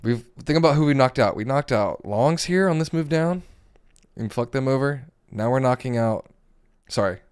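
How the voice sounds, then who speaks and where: A man with a hoarse, gravelly voice giving casual live commentary while day trading, thinking aloud over his charts. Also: medium pitch, animated, normal speed, darkish tone, no room sound, clean studio sound. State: hoarse, voice going.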